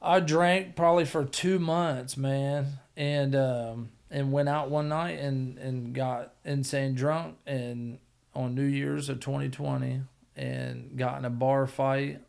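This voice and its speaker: Podcast guest: middle-aged man with a gravelly, fry-laden voice, talk blunt, profane and rambling, mid-pitched. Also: level tone, slow, a little mellow. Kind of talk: casual storytelling.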